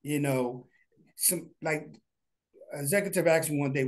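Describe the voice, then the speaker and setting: A man's voice: on the high side, measured pace, long pauses. A man being interviewed as a guest, talking casually and heartfelt, often restarting his sentences. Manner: earnest, heartfelt, rambling with restarts. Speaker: studio founder, guest.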